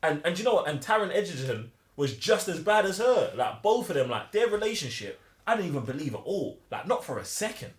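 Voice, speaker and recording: A man's voice: a little high, a little fast, few pauses. Young guy ranting bout a film, voice all over the place, echoey room. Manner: animated, slangy, mimics film lines mockingly. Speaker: podcast co-host. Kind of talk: casual movie review chat. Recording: roomy echo.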